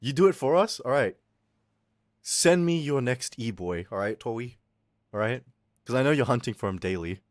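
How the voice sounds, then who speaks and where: Animated swearing young male streamer. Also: mid-range voice, normal speed, long pauses, dry recording, clean studio sound. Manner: loud, swearing, laughing, animated ranting. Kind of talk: casual stream chat reading chat.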